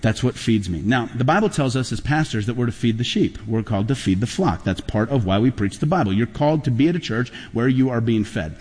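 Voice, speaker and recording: A man's voice: mid-range voice, lively intonation, brisk, few pauses, slightly rough. A middle-aged man preaching a sermon as pastor, telling stories and building to emphatic peaks. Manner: storytelling, emphatic, rising to loud peaks. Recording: long hall reverb.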